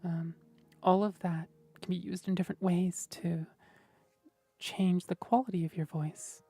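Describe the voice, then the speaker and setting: A woman streamer in casual livestream chat, explaining voice technique in a gentle, thoughtful way and often checking in with "right?". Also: lowish voice, flat delivery, a little slow, breathy edge, no room sound, soft background music. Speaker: streamer host.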